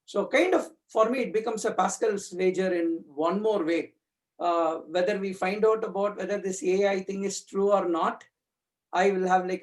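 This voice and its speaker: A man giving a thoughtful personal talk about his spiritual reading, searching for words with frequent fillers and restarts. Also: high-pitched. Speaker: community speaker.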